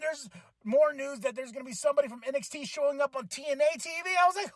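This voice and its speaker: A man hosting a podcast, recapping a wrestling show in casual chat, excitable, laughing and acting out what people said. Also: very high voice, fast talker, dry recording. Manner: excitable, acts out quotes, swears, laughs often. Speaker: podcast host.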